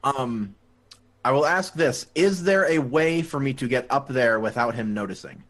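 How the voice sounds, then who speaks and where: A man's voice: mid-range voice, lively intonation, moderate pace, fairly bright tone. Hesitant man playing a tabletop game. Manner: hesitant, lots of "um" and "like". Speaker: player. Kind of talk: casual tabletop play.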